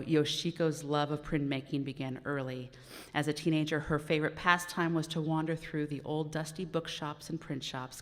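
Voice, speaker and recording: Low-voiced woman host, upbeat formal intro, reverberant conference hall. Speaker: event host introducing speaker. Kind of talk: scripted introduction.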